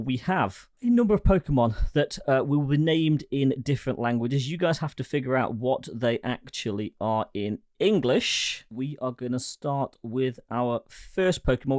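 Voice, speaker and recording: A man's voice: medium pitch, a little mellow, no room sound, studio quality. A man co-hosting a podcast, running a quiz game and explaining rules plainly.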